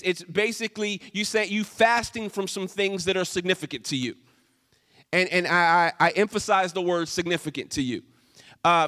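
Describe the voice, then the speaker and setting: Bright-voiced preacher in an echoing hall. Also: male voice, high-pitched. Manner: emphatic preaching with repeated phrases. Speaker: pastor. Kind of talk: sermon. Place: church sanctuary. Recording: echoey church hall reverb.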